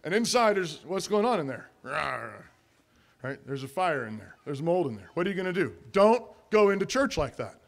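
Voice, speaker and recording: A man with a fairly high voice preaches a sermon in a church. He talks to the congregation casually, playing out little household scenes. When he voices a confession, he goes soft and hushed. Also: big pitch swings, normal speed, gravelly. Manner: conversational preaching, acts out little family scenes. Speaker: pastor. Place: church sanctuary.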